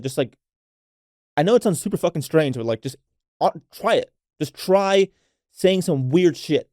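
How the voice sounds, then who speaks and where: A man hosts a solo podcast in a mellow, relaxed voice at an ordinary pitch, recorded dry and close. He talks in a loose, unfiltered way, swears casually and keeps checking in with "right?" as he coaches his listeners. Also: no echo. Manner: unfiltered, swears freely, frequent "right?" tags; coaching tone addressed to women listeners. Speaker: podcast host.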